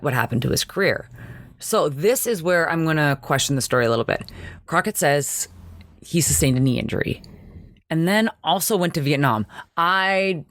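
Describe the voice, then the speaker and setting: Fast-talking nerdy podcast host, dry mic. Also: medium pitch, a bit bright, no echo. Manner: fast, chatty and nerdy, laughing at own nitpicks. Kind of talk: casual TV episode recap.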